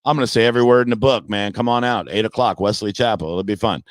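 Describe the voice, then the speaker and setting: A man's voice: on the low side, fast, no echo. Brash, profane man ranting on a podcast. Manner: brash, profane, mocking rants. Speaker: comedian and podcast guest. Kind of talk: casual sports talk.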